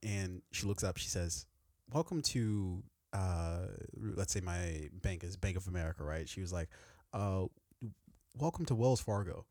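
Male podcast co-host, lowish voice, loose rambling delivery, dry close sound. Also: unhurried, darkish tone, no room sound. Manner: rambling, laughs often, many fillers. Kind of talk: casual chat.

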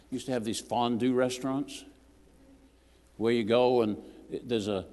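Man preaching a lively sermon in a hall. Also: medium pitch. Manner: lively, jokes with the congregation, calls for amens. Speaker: guest preacher. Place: church sanctuary. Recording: long hall reverb.

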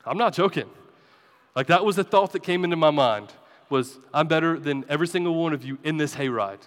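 A man's voice: fairly high pitch, brisk, in a large hall. A male pastor preaching a sermon, chatty and self-deprecating with his congregation. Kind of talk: sermon with personal story. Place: church sanctuary.

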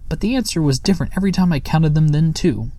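A man's voice: on the high side, quick pace, mellow, no room sound, voice pushed up, close to an everyday voice. A man voicing a small, playful, mischievous female monkey in a storybook reading.

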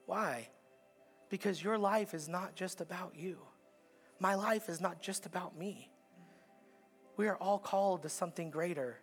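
A pastor preaching a sermon in a church, with an earnest, repetitive cadence that builds to emphatic peaks. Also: male voice, high-pitched, normal speed, faint music behind. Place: church auditorium.

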